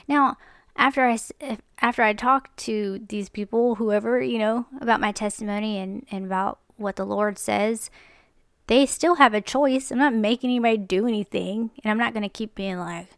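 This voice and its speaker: Woman, young adult, casual faith talk, chatty, mimics others, gravelly fry. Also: fairly high pitch, moderate pace, dry recording, studio quality. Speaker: Christian vlogger.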